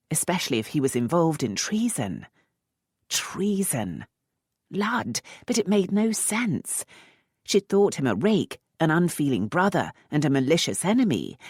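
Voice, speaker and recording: An audiobook narrator reading a romance novel in a measured, expressive way. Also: mid-range voice, husky, dry recording, clean studio sound.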